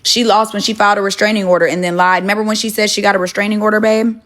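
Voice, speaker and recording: A woman's voice: medium pitch, level tone, racing, fairly bright tone. A young woman on a phone livestream from her home kitchen, chatting casually and bluntly with viewers, swearing and arguing back at them. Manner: blunt, profane, argumentative.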